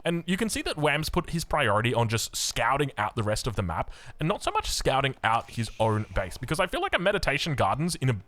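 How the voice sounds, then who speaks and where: Lively fast-talking Australian man casting. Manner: chatty, rambling asides, lively swings in pitch. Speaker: game caster. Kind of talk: energetic esports commentary.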